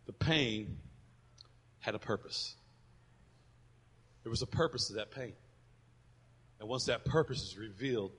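A man preaching a sermon as a pastor, emphatic and swinging between loud and hushed, in an echoey hall. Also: medium pitch, husky.

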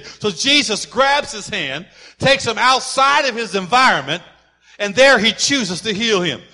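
A man with a high, bright voice preaches a sermon. He presses his points hard, rising to shouts, and drops in playful asides along the way. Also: lively intonation, normal speed, in a large hall. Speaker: pastor.

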